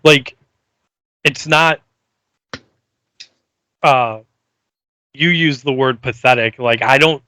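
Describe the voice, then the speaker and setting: A man co-hosting a podcast, talking casually about a TV episode, measured, with frequent fillers. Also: mid-range voice, pushed and bright, clear, resonant tone. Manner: measured, repeats "like" and "the amount of". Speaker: podcast co-host.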